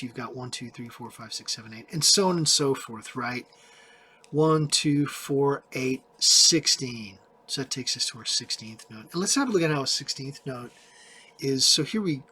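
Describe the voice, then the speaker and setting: A man explains rhythm notation in a loose, chatty tutorial, often breaking into counting and sung beats. His voice is bright and forward at a middle pitch. A faint hum of room ambience sits behind him. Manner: relaxed, chatty, counts and sings rhythms aloud. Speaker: music teacher.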